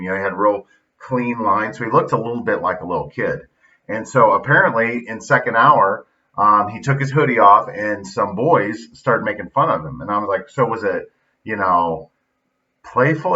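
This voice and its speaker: A man's voice: lowish voice, bright, forceful tone, distant mic. A middle-aged man hosting a casual motivational monologue, blunt and folksy, retelling stories with quoted dialogue. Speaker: podcast host and youth football coach. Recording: dull lo-fi sound, slightly off-mic.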